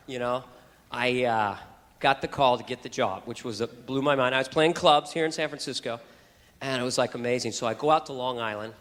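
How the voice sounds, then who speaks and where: A male stand-up comedian telling a story, animated and self-deprecating, often bursting into voices. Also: medium pitch. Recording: live hall with crowd laughter.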